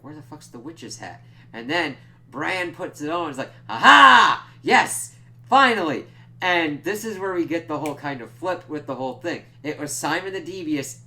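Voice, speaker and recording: A young man with a bright, forceful voice talks through a TV episode in a loose, rambling way, swearing freely and acting out bits of dialogue. A faint hum sits under the recording. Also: medium pitch. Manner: rambling and profane, acts out quoted lines. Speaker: TV episode reviewer. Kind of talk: casual spoken review.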